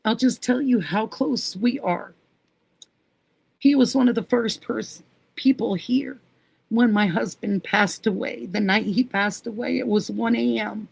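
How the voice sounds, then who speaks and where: In a casual livestream, a middle-aged woman fondly works through viewer comments, saying hello to people by name. She talks at a measured pace in a voice on the high side, marked by vocal fry, a darkish tone, and a breathy edge.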